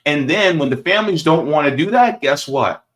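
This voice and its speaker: A man's voice: a little high, animated, moderate pace, a bit bright. A man commenting on a video clip in casual political talk, emphatic and repetitive, tossing in "right?" and "baby".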